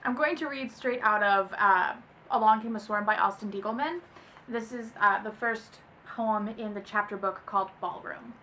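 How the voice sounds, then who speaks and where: A woman's voice: mid-range voice, normal speed, sharp tone, slight background noise. A young woman hosting a casual book vlog, reading poems aloud and often breaking into laughter. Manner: giggly, easily amused, breaks into laughter. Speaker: booktuber host.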